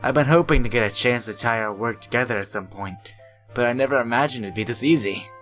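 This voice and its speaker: A man's voice: medium pitch, fast talker, fairly bright tone. A young man hosting a let's play, reading a visual novel aloud and breaking off for joking asides. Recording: faint game music behind.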